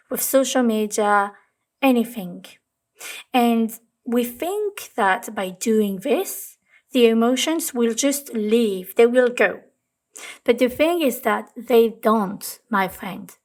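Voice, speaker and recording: A woman hosting a self-help talk, speaking gently and reflectively, repeating phrases for emphasis. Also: a little high. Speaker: host.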